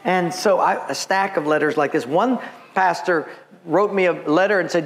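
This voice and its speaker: A man from Hawaii, a pastor, preaching with lively storytelling and acted-out voices. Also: sits high, moderate pace. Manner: animated, acts out voices, laughs at himself. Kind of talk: sermon with storytelling. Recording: long church reverb, faint background noise.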